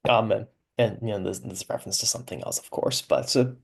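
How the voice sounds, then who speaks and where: A man's voice: lowish voice, steady tone, brisk, creaky, husky. A man giving casual commentary on his own story, chatty and amused, laughing often and explaining as he goes.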